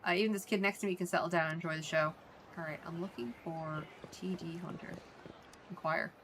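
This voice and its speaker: Bright-voiced Irish woman streamer. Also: on the low side, brisk, a little hiss or hum. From Ireland. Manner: swears freely, self-mocking. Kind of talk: casual gameplay commentary.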